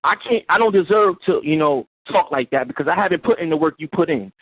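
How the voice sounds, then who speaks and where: A man calling in to a show, earnest and pleading, halting with fillers as he speaks. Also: a little high, animated, breathy edge, no room sound. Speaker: caller. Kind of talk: call-in phone talk. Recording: tinny phone line.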